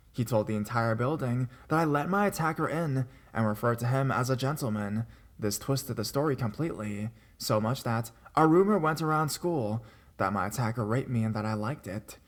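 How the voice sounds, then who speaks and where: A man reading a horror story aloud in a dramatic style, his voice climbing higher and louder at the tense moments. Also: a little fast. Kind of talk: scripted horror story narration.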